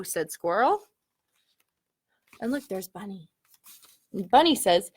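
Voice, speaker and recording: A woman, a children's librarian, reading picture books aloud to children with an animated, questioning storytime manner. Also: mid-range voice, takes it slowly, pauses often, slightly rough. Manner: animated, asks listeners questions, gasps at the story.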